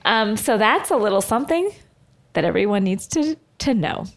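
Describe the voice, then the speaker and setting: A woman's voice: medium pitch, sing-song, normal speed. A woman co-hosting a podcast in casual, encouraging chat. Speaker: podcast co-host.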